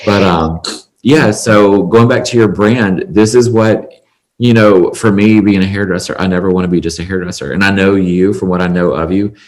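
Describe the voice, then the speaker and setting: A man's voice: sits low, steady tone, moderate pace, a little mellow. A man who owns a salon, a guest on a podcast, telling a heartfelt story in an earnest, chatty way full of fillers. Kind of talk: conversational storytelling.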